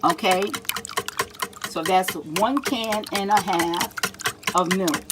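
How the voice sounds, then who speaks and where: A woman's voice: on the low side, very slow, pauses often, heavy background noise. A woman giving a casual cooking demonstration in a home kitchen. She talks in a chatty, repetitive, teacherly way, keeps checking in with her listeners, and speaks directly to kids and teens. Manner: chatty and repetitive, checks in with "see?" and "all right?". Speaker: home cook.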